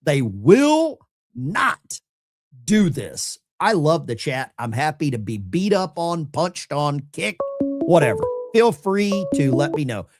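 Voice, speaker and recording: A man hosting a live call-in show, taking callers and chatting casually in an animated, rambling way. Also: a little high, unhurried, soft background music.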